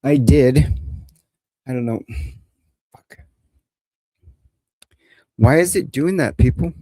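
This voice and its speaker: Slow, mellow, and slightly rough, his mid-range voice comes through with no echo. He's the host of a live call-in show, wandering through casual livestream talk and crude jokes as technical problems keep getting in his way.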